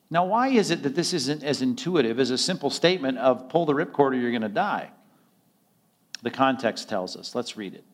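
Guy preaching a sermon, chatty style, does little voices for quotes, normal pitch. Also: lively intonation, a little fast. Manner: conversational preaching that acts out quoted dialogue. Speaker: pastor.

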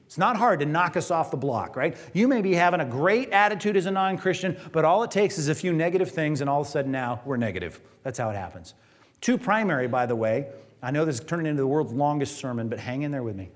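Lively, animated preaching man. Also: fairly high pitch. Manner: conversational, asks the congregation questions. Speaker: pastor. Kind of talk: sermon. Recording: reverberant hall.

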